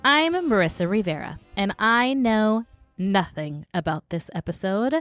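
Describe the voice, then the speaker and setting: A young woman co-hosting a podcast in casual chat, sniffly from a cold, animated and giggly. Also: mid-range voice, a little slow, faint music behind. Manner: animated, giggly, acts out her own reactions. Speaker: podcast co-host.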